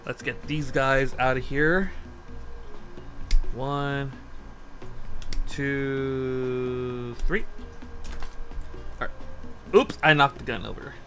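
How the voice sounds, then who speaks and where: A man streaming casually as he builds a model kit. He rambles, asks himself questions and counts steps out loud while he works. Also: medium pitch, steady tone, extremely slow, long pauses, faint music behind. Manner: easily sidetracked, lots of restarts and rhetorical questions.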